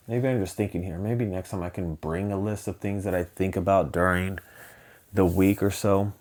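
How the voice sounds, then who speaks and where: A man's voice: low-pitched, steady tone, normal speed, darkish tone. A man from Southern California hosting a solo podcast, rambling and hesitant, with many ums and restarts. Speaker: podcast host. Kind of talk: casual solo podcast chat.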